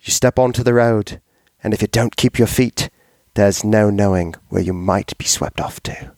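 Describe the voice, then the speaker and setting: A man's voice: on the low side, normal speed, darkish tone, no echo, clean studio sound, natural voice. A man putting on the voice of an old male hobbit, speaking solemn advice in a put-on storybook accent.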